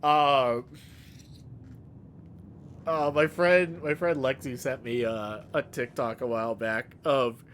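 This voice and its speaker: A man's voice: mid-range voice, fairly even intonation, slow, pauses often, a bit bright, a little hiss or hum. A man streaming a video game, chatting casually and jokingly with his viewers in a rambling way. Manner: rambling, joking, reacting to chat.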